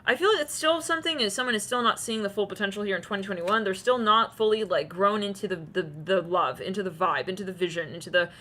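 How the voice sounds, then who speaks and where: A woman's voice: mid-range voice, fast, few pauses, bright, forceful tone, a little hiss or hum. A woman giving a casual tarot reading, rambling with many fillers and acting out quoted voices. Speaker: tarot reader.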